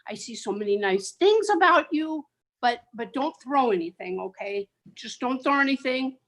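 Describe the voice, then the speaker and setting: A woman's voice: high voice, animated, moderate pace, a bit bright. Bubbly woman comic opening her set. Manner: bubbly, chatty, playfully sweet. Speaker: stand-up comedian. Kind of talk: online stand-up set.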